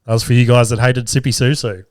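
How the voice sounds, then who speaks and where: A man's voice: medium pitch, flat delivery, quick pace, no echo, clean studio sound. Man telling podcast stories. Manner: swears freely, acts out quoted lines in voices. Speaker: podcast host. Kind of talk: casual storytelling.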